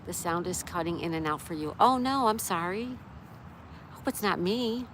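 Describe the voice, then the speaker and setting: With a fairly low, slightly bright voice and lively intonation, a woman talks at normal speed while streaming outdoors next to a road in a town. She reads chat messages aloud and chats casually as she tends her dog. The recording is rough, with clear traffic, street and vehicle noise.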